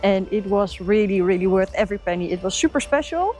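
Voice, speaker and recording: Chatty woman vlogging outdoors over loud music. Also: mid-range voice, lively intonation, fairly quick. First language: Dutch. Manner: chatty, enthusiastic, searching for words. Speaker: travel vlogger. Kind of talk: casual travel vlog narration. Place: outdoors on a motorcycle trip.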